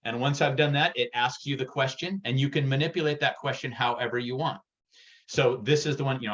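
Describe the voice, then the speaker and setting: A man giving a real estate sales workshop, energetic and direct, getting worked up as he talks. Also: medium pitch, fairly quick, dull audio. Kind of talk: workshop presentation.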